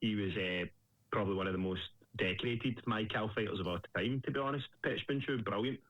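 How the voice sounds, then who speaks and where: A man's voice: lowish voice, a little fast, no echo, low-quality recording. A young Scottish man, a Muay Thai fighter, chatting casually as a guest and swearing freely. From Scotland. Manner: animated storyteller, swears freely. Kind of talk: casual interview chat.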